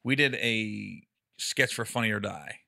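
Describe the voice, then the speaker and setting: A man telling comedy stories on a casual podcast, acting out quotes in high squeaky voices and laughing often. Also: a little slow, creaky, no echo, clean studio sound. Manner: animated storyteller who acts out quotes with high squeals and laughs. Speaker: comedian guest.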